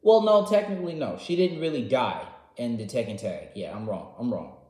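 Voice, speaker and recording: A man casually recapping a game story, excitable and slangy, jumping from loud outbursts to quiet asides. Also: medium pitch, moderate pace. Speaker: gaming vlogger. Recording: roomy echo.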